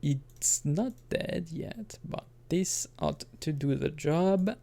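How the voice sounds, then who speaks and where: A man's voice: on the high side, animated, takes it slowly, creaky, mellow. A man giving casual let's-play commentary, rambling and correcting himself, with chuckling asides. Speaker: gaming commentator.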